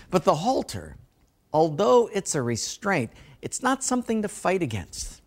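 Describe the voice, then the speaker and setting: A man's voice: high-pitched, huge pitch swings, takes it slowly. A man preaching a sermon as a pastor, telling folksy stories and laughing at his own jokes.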